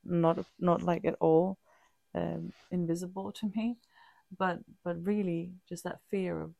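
A woman with a low, very gravelly voice speaks openly and reflectively in a casual podcast chat, dark and mellow in tone. She often stops and restarts her sentences, and the sound is dry and close. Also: flat delivery, dry recording, highs cut off. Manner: halting, frequent restarts and fillers; open and reflective. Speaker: podcast co-host.

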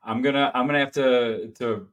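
A man, the podcast's DJ, joining the casual chat in an easygoing, even-keeled way. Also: medium pitch, fairly quick, muffled recording.

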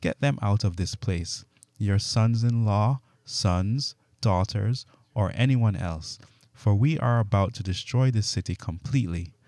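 Stern angels give urgent commands, as a man reads them aloud. Low and dark in tone, close and dry. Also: measured pace, no room sound.

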